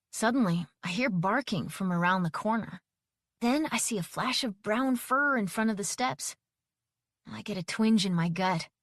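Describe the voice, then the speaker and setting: A woman narrating a first-person audiobook, expressive and giving each character a voice. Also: medium pitch, no room sound, studio quality.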